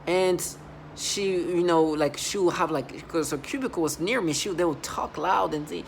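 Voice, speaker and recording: A man's voice: on the high side, moderate pace, creaky, a little hiss or hum. A man with an accent, telling a long personal story in a rambling, emphatic monologue full of restarts. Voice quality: speaks with an accent. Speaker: vlogger describing his workplace experiences.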